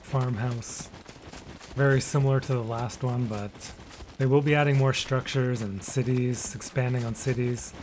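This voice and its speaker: A man in the middle of a live gaming stream talks casually to his chat in an easygoing, rambling way. His voice sits at an ordinary middle pitch and often sinks into low mumbles. A steady noise runs under the home mic recording. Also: normal speed. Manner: relaxed, chatty, trails off into mumbles.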